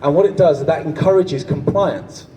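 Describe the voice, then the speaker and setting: A man's voice: fairly high pitch, moderate pace, warm tone. A man with a British English accent giving a punchy public speech to a crowd. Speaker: speaker at a rally. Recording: distant mic with faint outdoor ambience.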